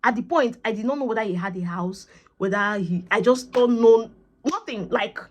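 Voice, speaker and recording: A woman with a Nigerian accent vlogging, telling a personal story in a lively, chatty way and slipping into Pidgin phrases. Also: fairly high pitch, normal speed. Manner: animated, acts out conversations, mixes in Pidgin phrases. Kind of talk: casual storytelling to camera.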